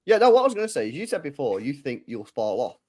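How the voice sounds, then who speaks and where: Quick, lively, husky-voiced man. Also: mid-range voice. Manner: encouraging, repeats himself. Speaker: podcast panelist. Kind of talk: casual chat.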